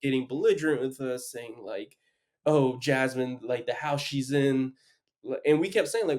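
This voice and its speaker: A man's voice: medium pitch, normal speed, a little mellow. A young man hosting a podcast, telling a long story in a casual, rambling way full of "like". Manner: rambling, heavy use of "like". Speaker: podcast host.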